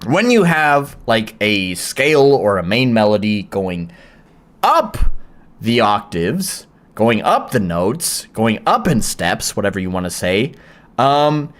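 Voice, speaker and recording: An unhurried live streamer chatting casually, full of swearing and restarts. The pitch swings widely from phrase to phrase. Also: big pitch swings. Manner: frequent swearing, rambling with restarts and fillers.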